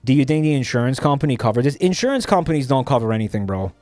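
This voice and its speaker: A man's voice: mid-range voice, lively intonation, racing, a little mellow, no room sound, soft background music. A young man streaming, chatting casually while reading posts, profane and rambling with many restarts.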